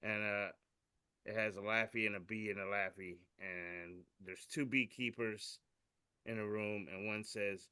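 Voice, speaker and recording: A man's voice: fairly low pitch, fairly even intonation, a little slow, sharp tone, clean tone, no room sound, clean studio sound. A man co-hosting a podcast, reading memes aloud in casual chat and tripping over his words with a giggle. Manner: stumbling, giggly reading with tongue slips. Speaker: podcast co-host.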